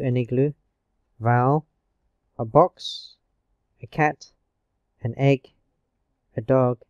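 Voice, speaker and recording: A man teaching a grammar lesson online, explaining slowly and patiently with frequent checks of "okay". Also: medium pitch, a little mellow, no echo, muffled recording. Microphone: screencast recording mic.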